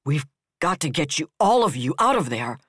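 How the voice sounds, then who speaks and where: A man playing an admiral pleading in desperation, his voice raw and strained, loud and close on a dry track. He presses hard on every word. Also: a little high, big pitch swings, moderate pace, husky, no room sound, full character voice. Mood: desperate. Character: anguished male fleet admiral.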